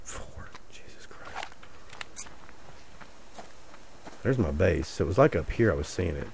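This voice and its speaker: A man's voice: low voice, lively intonation, quick pace, creaky, darkish tone, slight background noise. A man giving casual, jokey commentary while playing a survival game, rambling and muttering asides to his viewers. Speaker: gaming channel host. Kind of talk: casual solo gameplay commentary.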